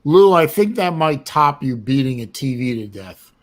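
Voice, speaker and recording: A man's voice: mid-range voice, big pitch swings, moderate pace. A male host of a live online show who talks casually, often stammers and trails off, and moves between guests. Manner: hesitant, stammering. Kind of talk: casual chat.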